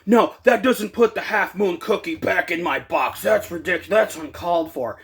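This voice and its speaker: A man's voice: high-pitched, moderate pace. A man voicing a tall, self-righteous male manager who talks in an indignant, dismissive way.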